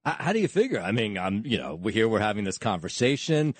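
A man's voice: on the low side, big pitch swings, fast talker, husky, no room sound. A male radio news anchor bantering on air in a wry, good-natured way, laughing often.

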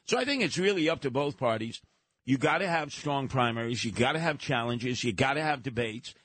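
A man's voice: medium pitch, expressive, a little fast, a bit bright, no echo. A man co-hosting a political talk show, speaking bluntly in short, emphatic sentences with a mocking edge. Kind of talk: blunt political opinion chat.

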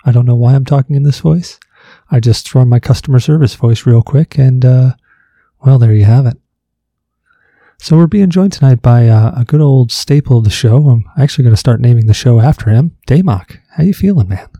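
A man's voice: mid-range voice, a little fast, dark tone, dry recording. A man hosting a casual podcast, joking and rambling between topics. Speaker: podcast host. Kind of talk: casual chat.

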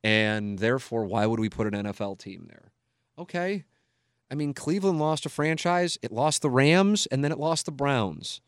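A man's voice: medium pitch, expressive, normal speed, clean tone, dry recording, studio quality. Blunt, swearing middle-aged male podcast host. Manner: emphatic, blunt, swears freely. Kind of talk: casual opinionated podcast talk.

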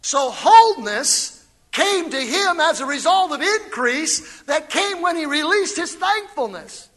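High, bright-voiced preaching man. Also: lively intonation, measured pace. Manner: fiery preaching, rising to shouts. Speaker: pastor. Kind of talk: sermon.

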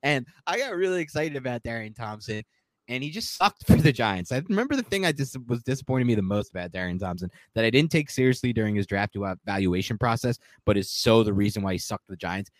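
A man's voice: medium pitch, quick pace, no room sound. A man co-hosting a sports podcast, chatting casually and rambling, often correcting himself mid-sentence. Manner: rambling, self-correcting, animated. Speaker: podcast co-host.

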